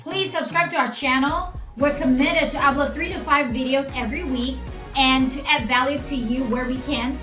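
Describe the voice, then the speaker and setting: High-voiced woman with a Chinese accent. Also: steady tone, moderate pace, bright, forceful tone, roomy sound, soft background music. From Asia. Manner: earnest, heavy use of "you know" fillers. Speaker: co-host. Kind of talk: advice talk for couples.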